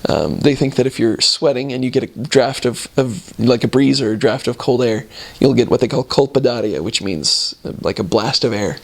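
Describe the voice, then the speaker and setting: A man from the United States tells a casual anecdote at an ordinary middle pitch. He stops and restarts often, leans on fillers, and laughs at the odd parts of his own story. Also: normal speed, gravelly.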